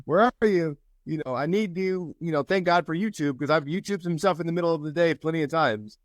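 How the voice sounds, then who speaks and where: A man sharing encouragement and telling a story in a casual group call, lively when he quotes people. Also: fairly high pitch, fast, no room sound. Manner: storytelling, animated when quoting others. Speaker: mastermind group member.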